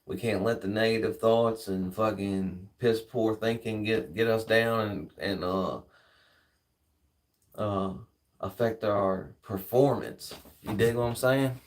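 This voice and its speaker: A man's voice: on the low side, slow pace, distant mic, poor audio. A man hosting a live stream in casual chat, laid-back and slangy, swearing freely.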